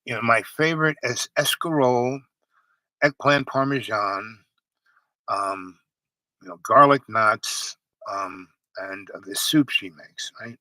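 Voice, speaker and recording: A man's voice: medium pitch, takes it slowly, bright, forceful tone, no room sound, poor audio. A man telling a meandering personal story, full of asides and restarts.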